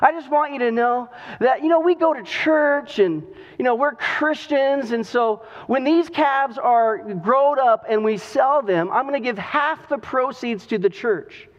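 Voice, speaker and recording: A man's voice: very high-pitched, a little slow. A folksy farmer, played by a man mid-sermon sounds sheepish and rueful. The sound is muffled. A long hall reverb hangs behind each line. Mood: proud. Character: proud, then glum male farmer.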